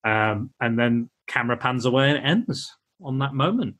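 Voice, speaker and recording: A man's voice: mid-range voice, animated, a bit bright, slightly rough. A man hosting a podcast in casual film chat, rambling and acting out lines from the movie. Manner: rambling, acts out film lines in quick voices. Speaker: podcast host.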